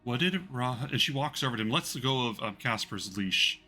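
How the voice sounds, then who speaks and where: A man's voice: mid-range voice, fairly quick, bright, forceful tone, soft background music. A man narrating a romantic tabletop one-shot as game master, in a casual, rambling way full of fillers.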